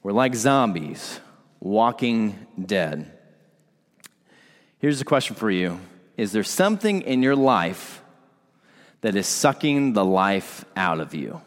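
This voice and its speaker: A man's voice: fairly low pitch, big pitch swings, slow pace, pauses often, long reverb tail. A man preaching a sermon in a conversational way, speaking directly to his congregation. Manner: conversational, asks the congregation to respond. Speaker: pastor.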